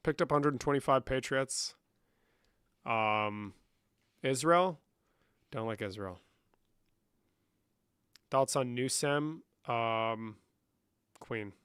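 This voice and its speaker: Young male streamer, casual chat, swears a lot, smooth clear voice, dry close sound. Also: mid-range voice, takes it slowly, pauses often, a bit bright, dry recording. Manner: profane, reads chat aloud and answers.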